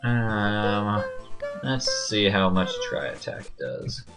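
A young man playing a video game, forgetful, swearing and bursting out loudly in frustration. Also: fairly low pitch, fairly even intonation, slow, loud music behind the voice. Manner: forgetful, swears, loud exasperated outbursts. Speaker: Let's Play player. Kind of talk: casual gaming commentary.

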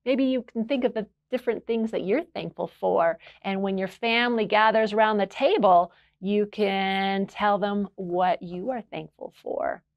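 Woman, children's librarian, slow sing-song storytime delivery, dry close sound. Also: medium pitch, dry recording.

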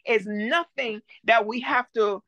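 A woman's voice: fairly high pitch, takes it slowly, fairly bright tone, no room sound, muffled recording. A middle-aged woman teaching at a Bible study, speaking earnestly on a video call. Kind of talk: casual Bible study discussion.

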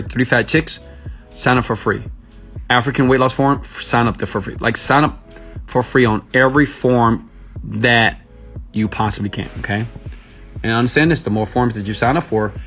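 A man walking viewers through a website on screen, pushing and hyped, checking in with "okay?" after almost every point. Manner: pitch jumps up sharply when excited. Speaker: online marketing mentor. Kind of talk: screen-share tutorial, live-stream style.

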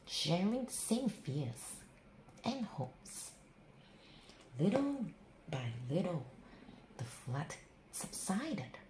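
Woman reading bedtime story, slow, expressive, sing-song, very wide pitch, echoey room, faint ambience. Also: slight background noise. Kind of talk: children's bedtime story read-aloud.

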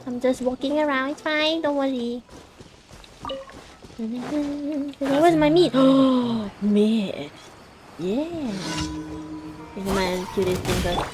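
A woman's voice: high voice, takes it slowly, long pauses, a little mellow, soft background music. A young woman streaming a game, chatting casually in a playful, giggly way with squeals and silly sound effects.

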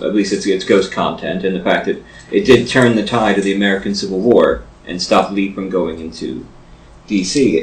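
A man with a fairly low voice hosts a casual interview in a shop, talking in a rambling, digressive way. He sits back from the mic, and the room around him sounds echoey. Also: distant mic. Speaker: host. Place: shop, indoors. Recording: roomy, off-mic.

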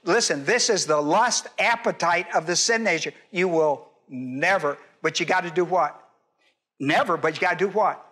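A man's voice: sits high, moderate pace, pushed and bright, slightly rough. An older man, a pastor, teaching a Bible sermon in an emphatic, repetitive way and putting questions to his congregation.

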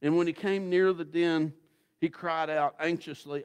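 A man preaching a sermon as guest pastor, telling the story in a folksy, dramatic way that swings from loud to hushed. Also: fairly high pitch, steady tone, unhurried, smooth.

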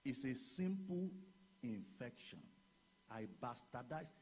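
A man with a Nigerian accent preaching a fervent sermon as pastor in a church, breaking into shouted declarations. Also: medium pitch, animated, takes it slowly, breathy edge.

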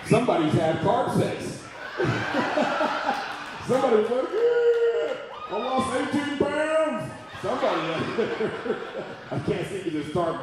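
Crude stand-up comic man in his forties. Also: a little high. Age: 40s. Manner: crude, loud, profane. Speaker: stand-up comedian. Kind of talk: stand-up comedy routine. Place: live comedy venue. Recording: echoey room, mic far off, audience noise.

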